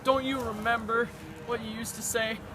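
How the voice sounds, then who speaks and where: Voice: medium pitch, little pitch movement, moderate pace, natural voice. A performer playing a nervous young bride who stammers and pleads in an amateur stage play. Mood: pleading. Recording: noisy with traffic behind.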